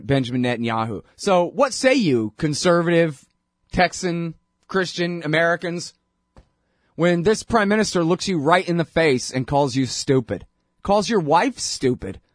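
A man's voice: a little high, dry recording, clean studio sound. A man hosting a talk show, delivering a sarcastic, opinionated political monologue that builds to indignant outbursts.

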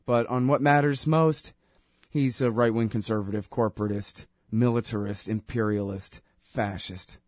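A man hosting an opinion talk show, rambling and animated with a sarcastic streak. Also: on the low side, moderate pace, no room sound, studio quality.

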